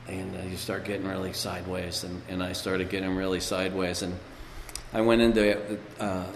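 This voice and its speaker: At a meeting, a man shares his personal recovery testimony, rambling through his story and leaning on "you know." His low voice is level and at normal speed, with slight background noise, in an echoey hall with long reverb.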